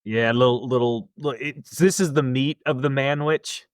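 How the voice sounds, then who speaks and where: A man co-hosting a movie podcast in casual chat, playful and quick to laugh. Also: mid-range voice, fairly even intonation, dry recording, clean studio sound. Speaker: podcast co-host.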